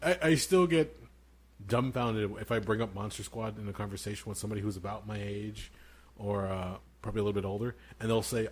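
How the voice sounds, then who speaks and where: Man, thirties, podcast co-host, casual chat, excitable, profane, quick, husky. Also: lowish voice. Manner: profane, excitable, laughs often.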